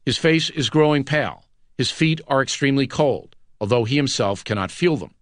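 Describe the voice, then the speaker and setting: A man narrating a nonfiction audiobook in a measured, dramatic scripted read. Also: medium pitch, lively intonation, no echo, clean studio sound.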